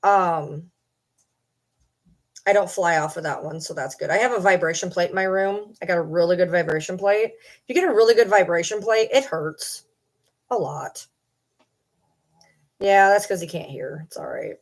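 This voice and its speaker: A woman's voice: fairly low pitch, moderate pace, pauses often. Rambling, self-joking young woman streamer. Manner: rambling, joking about herself. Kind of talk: casual livestream chat. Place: at home.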